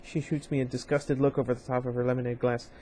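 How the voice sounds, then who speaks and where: A man's voice: mid-range voice, flat delivery, quick pace, mellow, a little hiss or hum. A man hosting a casual read-aloud of a young adult novel. He reads the story plainly and often breaks off to chat with his viewers. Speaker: channel host reading a novel aloud.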